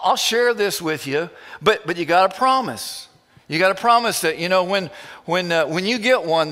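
A man voicing an excited, chummy man phoning a friend to share a new problem as if it were good news. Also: high voice, long reverb tail. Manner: upbeat, chummy, eager.

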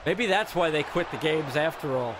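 A man giving loud, swearing commentary while playing a football video game, reacting to every play. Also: fairly high pitch, moderate pace, background noise. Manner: excitable, yells and swears at the game. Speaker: gamer streamer. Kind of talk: live gameplay commentary.

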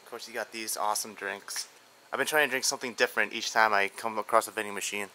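Excited man with a bright voice. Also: fairly low pitch, fast talker, slight background noise. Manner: excited, wide-eyed, talks to camera while walking. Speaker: urban explorer vlogger. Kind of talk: casual vlog narration. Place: outdoors in a large abandoned theme park.

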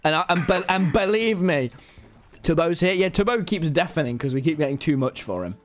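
Excitable high-voiced British man streaming. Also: fairly quick, soft background music. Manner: loud, excitable, swearing, bursts into shouts. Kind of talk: chaotic gaming banter.

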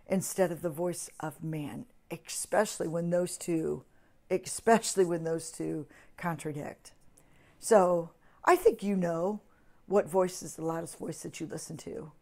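A woman's voice: on the low side, a little mellow. A woman giving a short devotional talk for a ministry, earnest, often repeating and restarting phrases as she builds emphasis. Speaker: ministry speaker.

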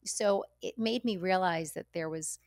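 Reflective woman with a low voice. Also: darkish tone, dry recording, clean studio sound. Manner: reflective, halting, repeats words. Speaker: podcast guest, author. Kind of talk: candid conversational interview.

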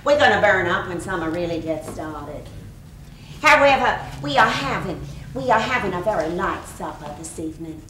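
A woman's voice: lowish voice, animated, moderate pace, a bit bright. An actress playing a middle-aged Southern mother, a faded belle who chatters and flirts with little laughs, in a stage play. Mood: chattering. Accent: American Southern. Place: theater stage. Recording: roomy stage audio from far off with hiss.

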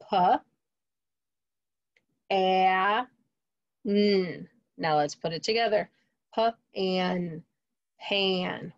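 Slow-talking woman teaching young kids. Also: medium pitch, no echo, dull audio. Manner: slow, clear, encouraging teacher talk to kids. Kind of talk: remote phonics lesson for young children.

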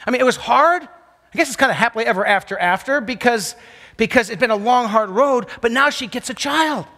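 A man preaching a sermon as a pastor, telling a story earnestly, repeating phrases and dropping his voice low for emphasis. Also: lively intonation, fairly quick, pushed and bright. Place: college chapel. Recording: long hall reverb.

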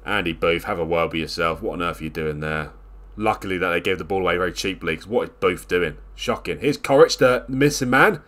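Brisk and exasperated, this man narrates his own gameplay live, scolding as he goes. His delivery swings from loud outbursts down to grumbling mutters.

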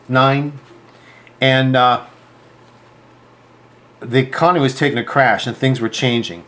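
A man, a sewing designer, telling a story to camera in a chatty, rambling way and acting out the dialogue. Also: medium pitch. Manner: animated, acts out quoted dialogue.

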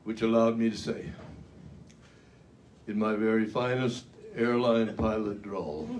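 A man's voice: lowish voice, fairly even intonation, measured pace, pauses often, a little mellow. An older man giving a luncheon keynote, telling his story in a folksy, dramatic way with self-mocking humor. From United States. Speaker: keynote speaker. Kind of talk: storytelling speech. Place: luncheon event hall.

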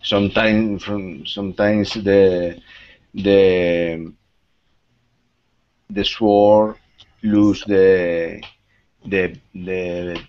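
Deep-voiced man speaking halting learner English. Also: fairly even intonation. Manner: halting, non-native English with pauses. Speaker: language student. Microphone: video call. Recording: dull lo-fi video call audio.

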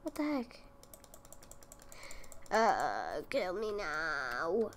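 Young woman, higher voice, unhurried delivery, exasperated gameplay commentary over clicking keys. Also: dull audio. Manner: exasperated, talks to the game characters. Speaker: gaming video creator.

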